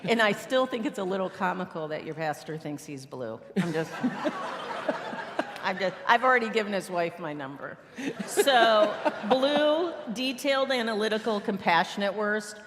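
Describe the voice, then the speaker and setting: Female speaker, lively sermon delivery with acted-out quotes, in a reverberant sanctuary. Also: medium pitch, measured pace, a crowd in the background. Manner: lively, laughing, acts out quoted voices. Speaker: guest speaker. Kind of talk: sermon with banter. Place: church sanctuary. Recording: long church hall reverb.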